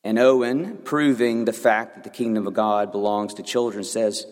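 A man's voice: lowish voice, a little fast, darkish tone. A man in his thirties preaching a sermon as pastor, earnest and building to fervent emphasis. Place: church sanctuary. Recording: long reverb of a church hall.

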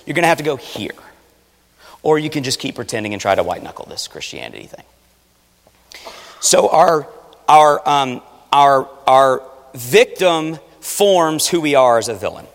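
A man preaching a sermon, animated, swinging between loud urging and hushed asides. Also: a little high. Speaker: pastor. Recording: long reverb of a large hall. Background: audience.

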